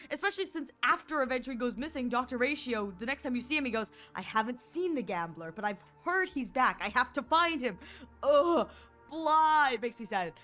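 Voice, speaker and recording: Giggly, animated woman streamer. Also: fairly high pitch. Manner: animated and giggly, with playful mock voices. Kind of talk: casual chat on a game stream.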